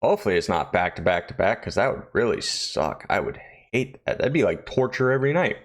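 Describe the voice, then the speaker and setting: A man's voice: on the low side, big pitch swings, fairly quick. A man casually recapping a TV episode in a rambling, joking, profane way. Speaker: host of a horror-show review channel.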